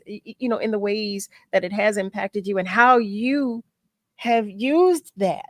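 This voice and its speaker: A woman's voice: medium pitch, no echo. A woman hosting a radio talk show, effusive and emotional, repeating her phrases and laughing often. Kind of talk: emotional interview chat.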